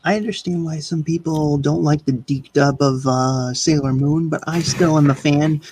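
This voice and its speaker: A man's voice: fairly high pitch, steady tone, normal speed, darkish tone, slight background noise, rough recording. A man in casual chat, talking in a rambling, thoughtful way about the film and shows he likes. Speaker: watch party co-host.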